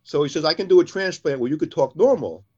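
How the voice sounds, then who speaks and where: A man co-hosting a show, telling jokes in a casual, animated way and jumping higher for his characters' lines. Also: fast talker, breathy edge, lo-fi sound.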